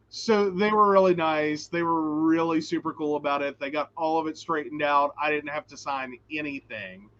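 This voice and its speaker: A man with a high, bright voice chats in a lively, animated way as co-host of a live stream. He reads out viewer questions between his stories. The audio is dull and lo-fi, like a video call. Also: moderate pace, hardly any pauses. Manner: chatty, animated storytelling.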